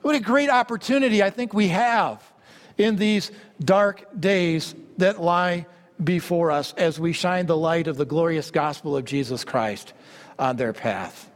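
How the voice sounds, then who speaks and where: A male preacher delivering a fervent sermon, swinging between loud exclamations and low asides. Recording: long hall reverb.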